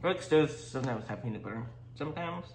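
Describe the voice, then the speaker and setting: A man's voice: fairly high pitch, animated, brisk, vocal fry. A man co-hosting a casual cookie-tasting vlog, making brief, offhand remarks. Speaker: co-host. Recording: echoey room, faint background noise.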